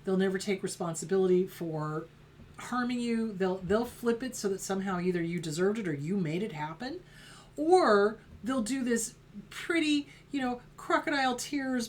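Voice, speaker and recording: A middle-aged woman therapist hosts an educational talk in a medium-pitched, slightly mellow voice at a moderate pace, with a bit of background noise. She is emphatic and acts out quoted apologies in mocking voices.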